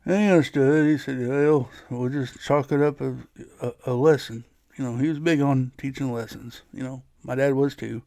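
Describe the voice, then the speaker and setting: A man's voice: medium pitch, normal speed, warm tone, no echo. Man, podcast host, casual storytelling, rambling with restarts, dry sound. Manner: rambling, frequent restarts and laughs.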